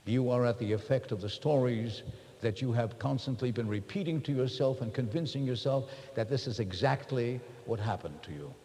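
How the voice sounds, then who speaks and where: A man speaks earnestly to a gathered audience, reflecting on his own failings in a confessional tone. His voice is mellow and relaxed. The sound carries a long hall reverb. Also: mid-range voice, moderate pace. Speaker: workshop speaker. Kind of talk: personal talk to a live group. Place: large room with an audience.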